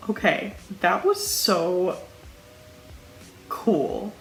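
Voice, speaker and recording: A woman's voice: on the low side, sing-song, extremely slow, echoey room, rough recording. A woman reacting to a song with bubbly, chatty commentary.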